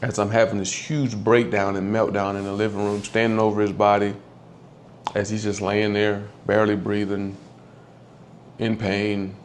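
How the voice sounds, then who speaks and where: A man speaks in a fairly low voice, telling a personal story while grieving and close to tears. He talks candidly and haltingly, sometimes swearing and dropping nearly to a whisper. A faint hum sits behind him. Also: completely flat delivery.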